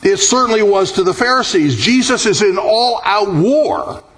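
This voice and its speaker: Male pastor, fairly high voice, preaching with lively emphasis and an occasional chuckle. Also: normal speed. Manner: animated, emphatic preaching with wide pitch swings. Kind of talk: sermon.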